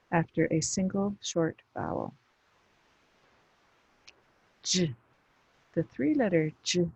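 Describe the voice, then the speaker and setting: Woman phonics tutor, low husky voice, slow deliberate delivery. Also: dark tone, no echo, poor audio. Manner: pronounces isolated sounds deliberately, explains briefly. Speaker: phonics teacher. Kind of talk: slow instructional phonics drill.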